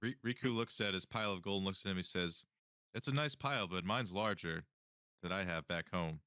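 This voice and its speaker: A male player speaks in character in a halting way, stumbling and restarting often. His voice is very deep yet bright and smooth, recorded dry. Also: no echo. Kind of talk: role-playing a character at a tabletop game.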